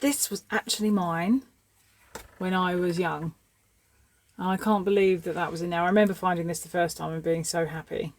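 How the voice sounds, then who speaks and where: A woman's voice: lowish voice, steady tone, normal speed, a little hiss or hum. A woman in her thirties chatting casually as she sorts through scrap, thinking aloud. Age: 30s. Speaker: scrapping vlogger. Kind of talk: casual commentary while sorting scrap.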